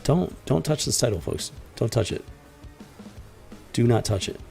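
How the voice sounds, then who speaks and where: A man's voice: mid-range voice, animated, measured pace, vocal fry, a little mellow, soft background music. A man hosting a casual comic book commentary, exasperated and blunt, swearing freely and often stumbling over his restarts. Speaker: host.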